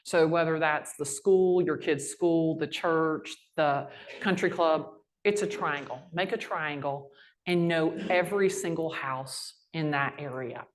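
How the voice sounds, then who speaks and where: Unhurried and low-pitched, this woman tells stories from the stage as a guest speaker at a sales rally, and her manner is brash, lively, and folksy.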